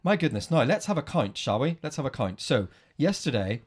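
A man co-hosting a family podcast with his son in a casual, enthusiastic chat, quick to praise. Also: medium pitch, very animated, husky.

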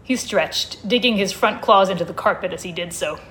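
Woman reading a funny story deadpan, mid pitch. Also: moderate pace. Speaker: comedic reader. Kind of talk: comic story reading at a live show.

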